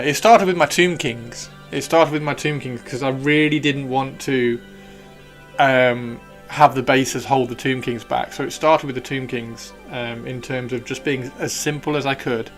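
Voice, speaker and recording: A man's voice: mid-range voice, fairly bright tone. A man livestreaming while painting miniatures, chatting casually and rambling with many fillers and restarts.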